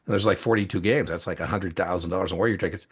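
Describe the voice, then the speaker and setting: A man's voice: low voice, rapid-fire, breathy edge. A middle-aged man telling long, rambling anecdotes in casual chat, with many restarts and fillers. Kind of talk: casual storytelling.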